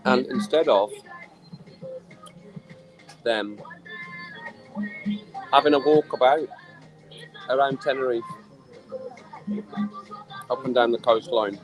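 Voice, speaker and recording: A man's voice: medium pitch, slow pace, pauses often, poor audio. A tipsy man ranting in a casual live stream from an outdoor poolside bar. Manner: animated, exasperated ranting. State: tipsy from drinking. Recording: music playing clearly behind.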